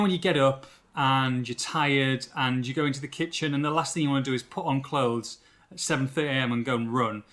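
A man hosting a casual football podcast, talking in an excitable, upbeat and teasing way. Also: mid-range voice. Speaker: podcast host.

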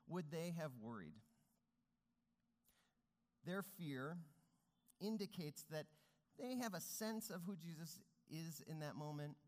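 An earnest male pastor delivers a sermon with a lively, swooping pitch and a fairly high voice for a man. His words ring out with the long reverb of a large church hall. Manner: earnest, rising and falling emphasis.

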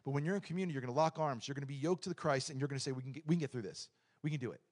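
A middle-aged man preaching a lively, joking sermon in a church, swinging between loud points and quiet asides. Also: mid-range voice, very fast. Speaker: pastor.

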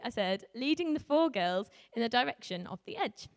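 A woman from Yorkshire without a strong accent, telling a story to a live audience as a youth worker, animated, with laughs and many ums. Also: fairly high pitch, moderate pace. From Yorkshire, England. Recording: reverberant hall.

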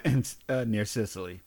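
A man's voice: on the low side, measured pace, a crowd in the background. A man co-hosting a casual podcast, reading odd news stories aloud with blunt, teasing remarks and frequent laughter. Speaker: podcast co-host.

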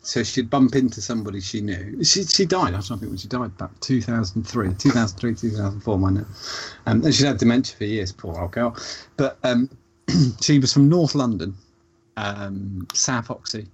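A man's voice: on the low side, moderate pace, breathy edge, lo-fi sound. A man hosting a podcast, telling rambling stories with lots of restarts. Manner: animated storyteller, rambling restarts. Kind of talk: casual chat.

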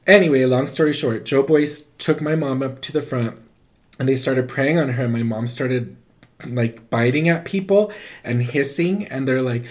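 A man's voice: mid-range voice, normal speed. A man telling a story in casual chat, rambling with lots of "like" and acting out the voices of the people in it. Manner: animated, acts out quoted voices; loose and rambling, full of "like".

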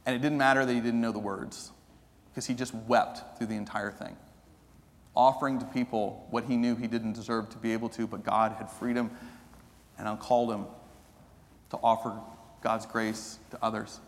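A man preaching a sermon as pastor, telling a story that moves from animated to hushed and earnest. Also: fairly low pitch, normal speed, long pauses. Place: church sanctuary. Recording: long reverb of a church hall.

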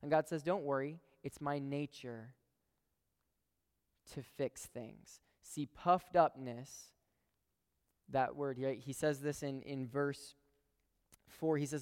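A man's voice: medium pitch, a little slow. A young man preaching a sermon, telling a story and talking earnestly to the crowd. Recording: long hall reverb.

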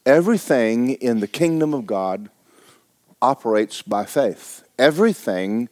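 A man, preaching a folksy, joking sermon that often jumps high in pitch for emphasis. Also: animated, unhurried, darkish tone. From Florida. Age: 70s. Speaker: pastor.

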